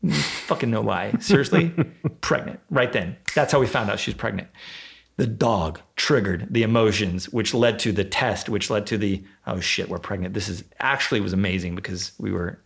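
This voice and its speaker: A man, telling stories in a loose, swearing, animated way and acting out voices as a podcast guest. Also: on the low side, moderate pace, creaky. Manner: animated, swearing storyteller who acts out voices in quotes. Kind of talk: casual podcast chat.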